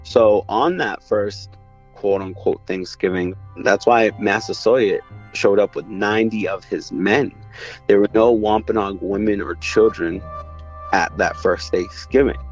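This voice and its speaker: A man with a lowish voice explains history steadily and matter-of-factly. The recording is dull and lo-fi, with faint music behind. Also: unhurried. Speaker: interviewee, Wampanoag community member.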